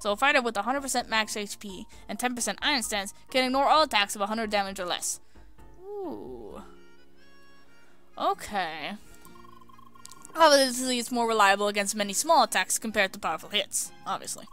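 A woman's voice: medium pitch, animated, moderate pace, bright, forceful tone, soft background music. A young woman hosting a video game playthrough, reading tutorial text aloud and adding casual asides. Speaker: let's play host.

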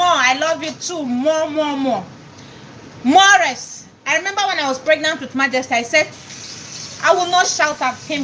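A woman's voice: high-pitched, noisy background. A woman with a Nigerian accent chatting casually on a live stream while she cooks, often laughing and calling out greetings to her viewers.

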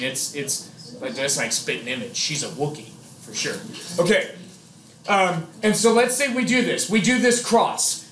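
In an echoey classroom, a man with a high, fairly bright voice lectures a biology class, chatting and joking while quizzing his students as he explains. A little hiss or hum is audible.

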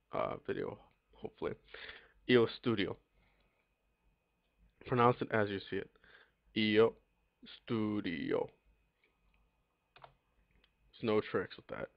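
A young man giving a casual language lesson, pausing often with ums as he works through it, recorded on a computer mic with typing and clicks behind him. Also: lowish voice, gravelly, no echo. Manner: halting, many ums and pauses. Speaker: teacher. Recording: dull lo-fi dry recording.

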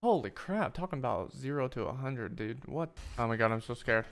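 A young man giving live gameplay commentary, loud, jokey and profane in his reactions. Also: medium pitch, expressive, a little fast, creaky. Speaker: streamer.

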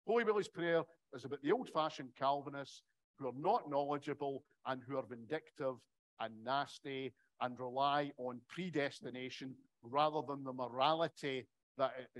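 A man's voice: mid-range voice, moderate pace, poor audio. A middle-aged man giving a public academic lecture in a conversational way, with wry asides.

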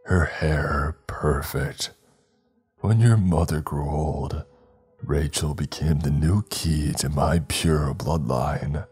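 A man voicing a frail, cruel old grandfather who speaks in a slow, wheezing croak, over faint music. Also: a bass voice, darkish tone, heavily acted. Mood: croaking menace.

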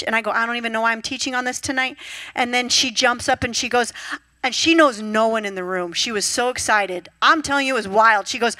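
A woman pastor preaching a sermon, telling stories with lively acted-out quotes. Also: fairly high pitch, no room sound. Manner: lively storytelling, acts out voices and quotes. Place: church.

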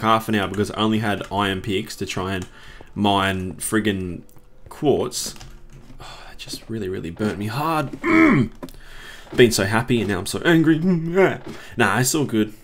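A young man with a slightly low voice, talking through a game in relaxed, rambling commentary. He chats loosely to his viewers and drops the odd curse when the game annoys him. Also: a little hiss or hum. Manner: rambling, chatty, swears when frustrated. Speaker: let's play host. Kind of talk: casual gameplay commentary.

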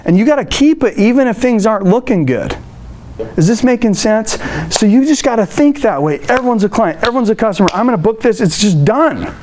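A man giving a motivational customer service training talk to a live room, energetic and playful, acting out phone calls. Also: high-pitched, a little fast, a little hiss or hum.

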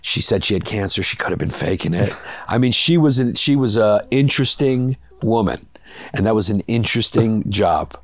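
A man's voice: on the low side, lively intonation, moderate pace, no room sound. A man from Brooklyn, telling rambling, profane stories as a comedian guest in a casual interview. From Brooklyn, New York. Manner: rambling, profane, laughs through his stories.

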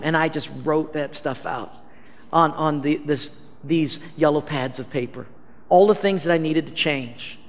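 A man with a high voice preaches a storytelling sermon and acts out each exchange with animated, self-mocking humor. The sound carries a long reverb from a large hall. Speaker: pastor.

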